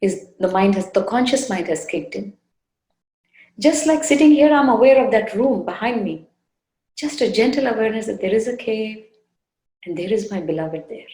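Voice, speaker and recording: Soft-spoken woman teacher, echoey room. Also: mid-range voice, animated. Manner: soft, unhurried, gently coaxing with repeated phrases. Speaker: spiritual teacher leading a satsang. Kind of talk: devotional talk with guided meditation. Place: indoor room.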